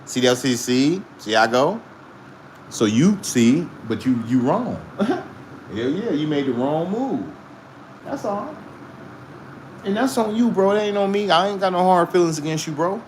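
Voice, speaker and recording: A man hosting a livestream, ranting at chat in a profane, mocking way and laughing often, his voice jumping between high taunts and low growls. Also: expressive, normal speed, darkish tone, a little hiss or hum. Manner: laughs often while talking. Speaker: livestream host answering chat. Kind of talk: casual livestream rant.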